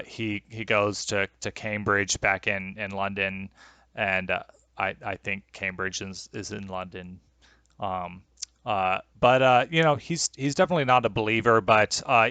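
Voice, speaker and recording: A man's voice: lowish voice, a bit bright, clear, resonant tone, no room sound. A young man narrating as game master over a video call, rambling and hesitant with many fillers.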